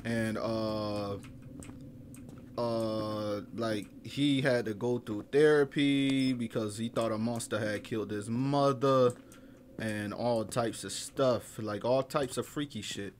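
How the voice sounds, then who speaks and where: A young man streaming a horror game, loud and jumpy at the scares, full of slang and swearing, muttering to himself as he explores. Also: mid-range voice, steady tone, slow pace, slight background noise. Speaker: gaming streamer. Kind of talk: horror gameplay commentary.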